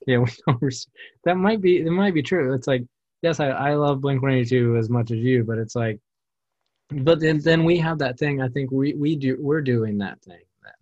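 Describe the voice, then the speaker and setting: A man's voice: mid-range voice, normal speed, darkish tone, dry recording. A man hosting a podcast, chatting loosely and circling his point with lots of "like" and "you know". His voice sits in a middle range and sounds close and dry. The recording is somewhat dull and lo-fi. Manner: loose, rambling, heavy on filler words. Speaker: podcast host. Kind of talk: casual conversation.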